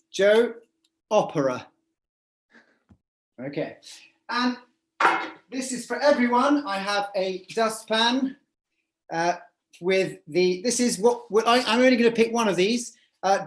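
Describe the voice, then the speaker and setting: A woman's voice: medium pitch, echoey room. A woman hosting a live online improv show over a video call, chatty and hesitant, full of fillers and restarts. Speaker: host.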